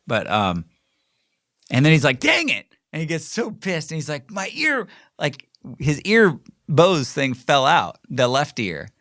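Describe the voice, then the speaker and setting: A middle-aged man, hosting a podcast and telling a rambling, animated story with lots of fillers and restarts. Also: medium pitch, dry recording, clean studio sound. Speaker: podcast host. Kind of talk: casual storytelling monologue.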